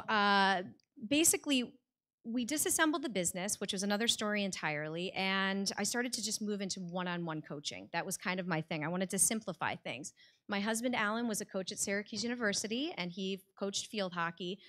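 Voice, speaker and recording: A woman's voice: medium pitch, fairly bright tone. An American woman telling a personal story on stage before a live audience, in a heartfelt conversational way with many "like" fillers.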